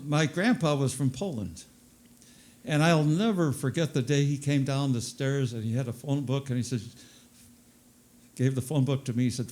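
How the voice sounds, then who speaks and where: An older man working a stand-up set in an ordinary mid-range voice. He mocks himself with easy, unhurried timing and says his punchlines twice. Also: medium pitch, a little mellow. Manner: self-deprecating, with repeated punchlines. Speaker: stand-up comedian. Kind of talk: stand-up comedy routine.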